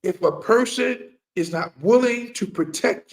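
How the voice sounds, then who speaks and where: Forceful, preachy man, slow and emphatic. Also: high-pitched, vocal fry. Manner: emphatic, repeats key lines for effect; rhetorical questions to listeners. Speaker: firearms trainer. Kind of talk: impassioned preaching monologue.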